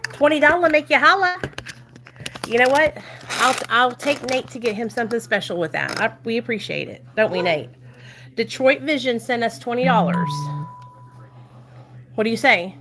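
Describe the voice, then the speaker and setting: A woman's voice: fairly high pitch, lively intonation, normal speed, noisy background. A woman in her thirties with a Southern US accent, chatting casually and affectionately on a live stream from home, laughing often.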